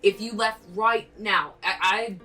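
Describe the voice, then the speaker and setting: A woman narrating a tabletop game as dungeon master, quick and excitable, laughing often. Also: mid-range voice, far from the mic, soft background music, rough recording.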